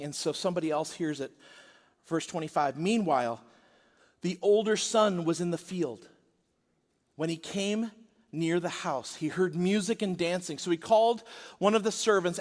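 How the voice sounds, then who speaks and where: A man preaching a sermon as pastor, dramatic and animated, dropping to a hush and then rising loud as he acts out the story's quotes. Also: fairly high pitch, big-room sound. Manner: dramatic, swings from hushed to loud when acting out quotes. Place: large church auditorium.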